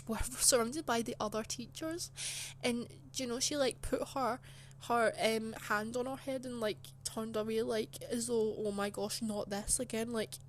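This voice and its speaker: A young woman telling a story straight to camera in a chatty, aggrieved way, her sentences loaded with fillers. Her voice sits a little high for a woman. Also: slight background noise. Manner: chatty and indignant, full of "like" fillers. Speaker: channel host. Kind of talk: casual storytime.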